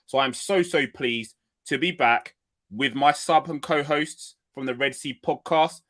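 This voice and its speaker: A man hosting a football podcast in an excited, chatty way, full of energy as he brings in his co-hosts. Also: medium pitch, a little slow. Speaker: podcast host. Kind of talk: excitable casual podcast chat.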